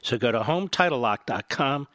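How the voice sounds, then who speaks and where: A man's voice: medium pitch, animated, normal speed, pushed and bright, no echo. A man hosting a talk radio show, reading ads in an emphatic way while short of breath.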